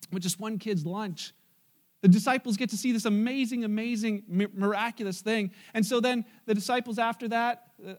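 Male pastor, very high-pitched, lively, humorous sermon delivery. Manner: lively, joking storyteller who acts out the characters.

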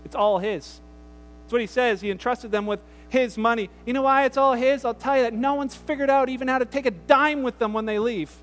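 A man pastor preaches in a relaxed, conversational way, weaving casual asides into his retelling. His voice sits very high for a man, and he keeps the story lively. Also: long reverb tail. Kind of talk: conversational sermon.

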